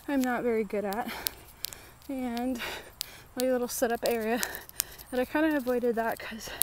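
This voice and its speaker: A woman's voice: on the high side, noisy background. A woman chatting casually to camera in a rambling vlog, talking outdoors at a park fitness trail. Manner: chatty, rambling, lots of fillers. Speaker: vlogger.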